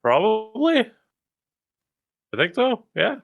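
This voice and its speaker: A man's voice: high voice, wildly swooping pitch, extremely slow, vocal fry, dry recording, muffled recording. A man chiming in on a casual podcast chat with wry, short remarks.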